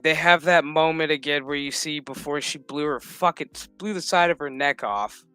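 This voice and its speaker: A man's voice: a little high, normal speed, sharp tone, clean tone, no echo. A man streaming a casual episode recap, rambling and swearing freely, laughing often as he goes, with music playing behind him. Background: background music.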